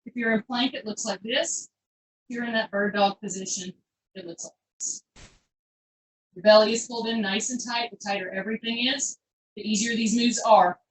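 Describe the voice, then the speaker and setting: A woman's voice: on the high side, moderate pace. A woman leading a live online pilates class, chatty and encouraging as she calls out each move. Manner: upbeat, chatty, encouraging coaching with folksy phrases. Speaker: fitness instructor. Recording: echoey room, voice from far off.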